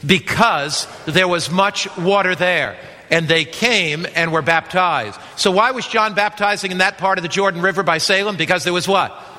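A man preaches with emphasis, putting questions to his congregation and driving each point home. His voice sits high and rings bright and forceful. It echoes with the long reverb of a large hall. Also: moderate pace. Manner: emphatic, asks the audience questions. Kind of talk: evangelistic sermon.

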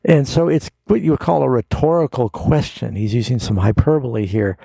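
A man's voice: mid-range voice, lively intonation, fairly quick, gravelly, dark tone, slightly rough, dry recording. A man hosting a call-in Bible radio show as a pastor, answering callers' questions in a folksy, explanatory way and reading scripture aloud.

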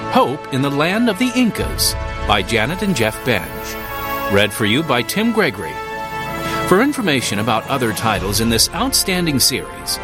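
A man narrating an audiobook in a steady, measured storytelling manner, recorded close in a studio. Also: mid-range voice. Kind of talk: scripted narration.

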